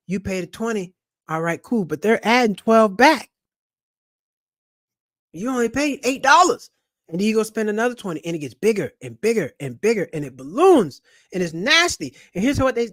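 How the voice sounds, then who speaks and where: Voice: medium pitch, a bit bright, dry recording, studio quality. A personal finance vlogger talking casually to camera, loose and slangy, rambling with restarts and blunt asides. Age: young adult or older. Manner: rambling, with many restarts and acted quotes.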